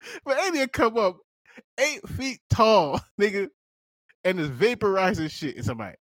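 A man co-hosting a podcast, telling a wild comic story in a loose, profane way, laughing often and jumping into squeaky high voices. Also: big pitch swings, moderate pace, no echo. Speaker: podcast co-host. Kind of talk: casual comedic storytelling.

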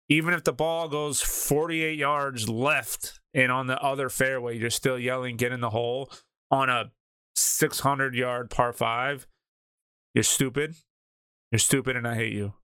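A man's voice: mid-range voice, pushed and bright, clean tone, no room sound, clean studio sound. A man co-hosting a casual sports podcast, ranting bluntly and with exasperation. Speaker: podcast co-host.

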